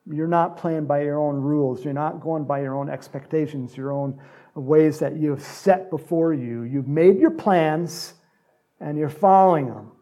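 A man's voice: on the high side, measured pace, warm tone. A man preaching a conversational sermon as a pastor, acting out Bible characters in little voices.

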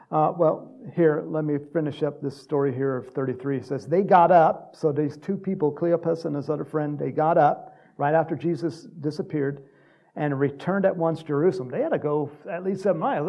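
A man leading a Bible study in a casual, conversational sermon style. He fills his talk with "you know" and quick chuckles. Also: a little high, gravelly, dark tone, lo-fi sound. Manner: conversational, many fillers, chuckles.

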